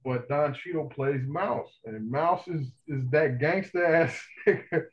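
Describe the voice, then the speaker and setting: Animated man with dull lo-fi sound. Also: on the high side, takes it slowly. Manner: animated, profane, enthusiastic film talk. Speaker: podcast co-host. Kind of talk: casual chat.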